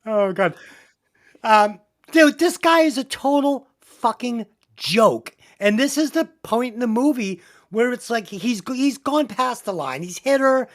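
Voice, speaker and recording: A woman's voice: fairly high pitch, expressive, a little slow. A woman co-hosting a comedy movie review podcast, ranting bluntly and swearing constantly in casual chat. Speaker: podcast co-host.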